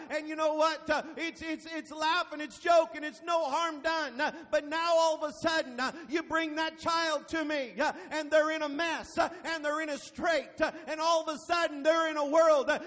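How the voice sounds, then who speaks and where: A pastor with a high, bright voice preaches a sermon. He fills his lines with "uh" and swings between shouted bursts and hushed stretches. His voice rings in a long church reverb. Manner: frequent "uh" fillers, bursts of shouting then dropping quiet.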